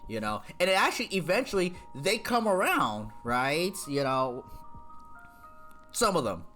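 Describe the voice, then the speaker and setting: A streamer talks casually and slowly about a game they love, with plenty of "you know" and restarts along the way. The pitch swings freely up and down, and faint music plays underneath. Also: very animated, a bit bright. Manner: rambling, many fillers and restarts.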